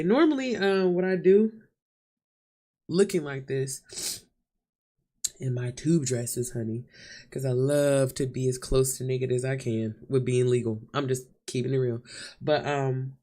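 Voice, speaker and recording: A woman's voice: sits low, a little slow, dark tone. A woman vlogging live to camera, chatting openly and casually with her viewers and calling them y'all and honey. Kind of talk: candid live-stream chat to viewers. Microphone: camera mic.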